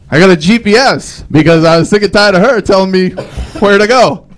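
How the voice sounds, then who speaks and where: A young stand-up comedian performs live in a high voice, speaking briskly with few pauses. His rambling, self-deprecating stories come with frequent restarts.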